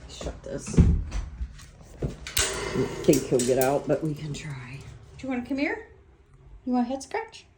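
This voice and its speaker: A woman's voice: on the high side, noisy background. A woman talking to her pet parrots in a coaxing, sing-song baby-talk voice, chatting casually as she checks on them. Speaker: parrot owner vlogger. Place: home during a power outage, near bird cages.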